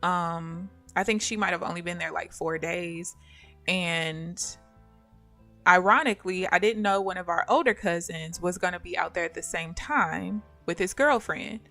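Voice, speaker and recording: Bright-voiced woman trader chatting to viewers. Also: fairly low pitch, normal speed, soft background music. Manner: animated storyteller who addresses viewers as "y'all" and laughs often. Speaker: day trader live-streaming her trades. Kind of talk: casual live-stream chat with trading commentary.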